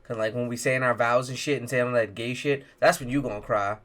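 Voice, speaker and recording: A young man hosts a casual podcast chat. He talks in a relaxed, ordinary pitch and ribs his co-host with crude, playful jokes. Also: a little fast. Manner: teasing, crude banter.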